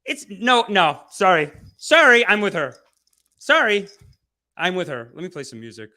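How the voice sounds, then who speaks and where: A man's voice: high-pitched, very animated, normal speed, bright, forceful tone. A man hosting a podcast, rambling, profane and mocking in loose commentary. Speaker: podcast host.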